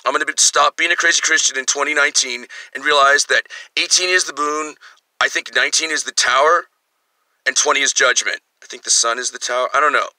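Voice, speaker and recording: A man's voice: medium pitch, fairly quick, pushed and bright, no room sound, low-quality recording. A man in his fifties delivering an angry, profane, rambling monologue. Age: 50s. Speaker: vlogger. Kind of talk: ranting monologue.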